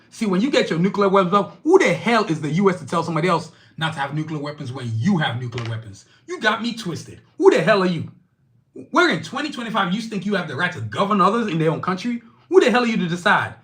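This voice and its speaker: A man from Nigeria delivering a heated opinion monologue, indignant and forceful, swearing freely and firing off rhetorical questions. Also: sits high. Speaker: political commentator.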